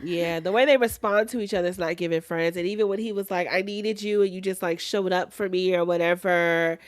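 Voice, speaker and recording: A woman's voice: fairly low pitch, steady tone, a little fast, no echo, studio quality. A woman co-hosting a podcast, giving frank, slangy opinions on a reality show in casual chat. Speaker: podcast co-host.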